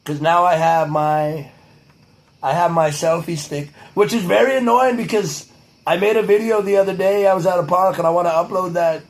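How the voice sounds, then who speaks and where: High-voiced young man rambling to camera. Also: fairly even intonation, moderate pace, low-quality recording. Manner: profane, repeats "truly", drifts into a mock-presidential cadence. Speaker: vlogger. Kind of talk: rambling casual monologue to camera.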